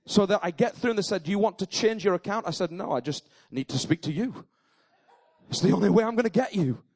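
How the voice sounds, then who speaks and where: A man's voice: sits high, fast talker, darkish tone. A man preaching a sermon, moving from chatty storytelling to fervent, emphatic declarations. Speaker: pastor.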